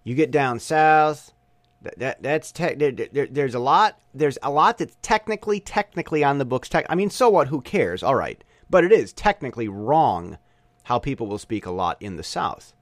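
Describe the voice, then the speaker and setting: A man's voice: medium pitch, animated, moderate pace, no room sound. A man with a Michigan accent, a podcast host giving an opinionated, rambling monologue with many restarts. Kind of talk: casual monologue.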